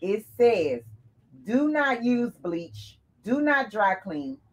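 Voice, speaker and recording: A woman chatting casually to her viewers as she unboxes gifts, calling them y'all and breaking into excited exclamations. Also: a little high, takes it slowly.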